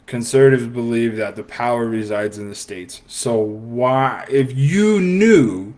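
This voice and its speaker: A man's voice: medium pitch, lively intonation, a little slow, a little mellow. A man hosting a casual podcast, giving a sarcastic, opinionated monologue with lots of fillers and restarts. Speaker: podcast host. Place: live stream broadcast.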